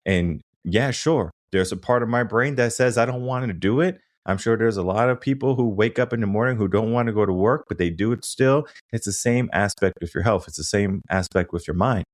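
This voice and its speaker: Emphatic deep-voiced man, dry sound. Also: a little fast, few pauses, no echo. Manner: emphatic, asks rhetorical questions. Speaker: podcast host and coach. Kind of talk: motivational conversation.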